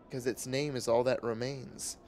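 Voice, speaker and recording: A man voicing a hoarse, grieving male holy crier who speaks in a slow, solemn way. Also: mid-range voice, steady tone, darkish tone, slight background noise, natural voice. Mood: mournful.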